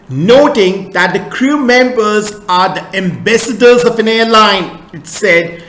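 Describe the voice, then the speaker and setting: An earnest man in an explanatory lecture, warmly addressing his viewers as friends and repeating key points. His voice is high and bright. It rings in an echoey room. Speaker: economics educator.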